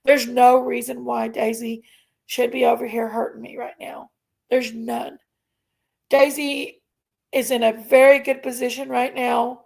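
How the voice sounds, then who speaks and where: On her casual livestream, a woman talks unhurriedly in a fairly high, darkish voice with vocal fry and little pitch movement. She reads viewer names, thanks members, and lets off steam about her sister.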